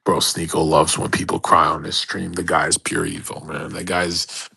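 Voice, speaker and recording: A man's voice: extremely low pitch, level tone, normal speed, gravelly, sharp tone, slightly rough. A male livestreamer in a rambling, profane rant, laughing often between points. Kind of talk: casual ranting monologue.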